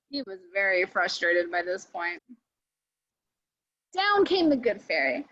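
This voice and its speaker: Librarian lady reading a kids' book, super expressive, lots of swoops, dull dry audio. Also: medium pitch, measured pace, long pauses. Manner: animated, expressive storytelling. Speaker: children's librarian. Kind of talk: reading a picture book aloud to children.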